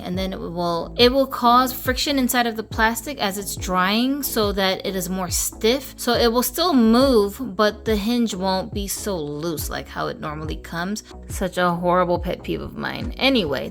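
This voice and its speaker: A woman's voice: medium pitch, a bit bright. A woman hosting a doll review vlog, talking playfully with sassy, slangy jokes.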